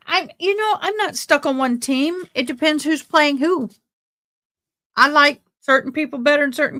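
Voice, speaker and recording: High-sitting and bright, this woman's voice carries a forceful tone. As host of a casual livestream following a trial, she chats away and reads out what viewers post.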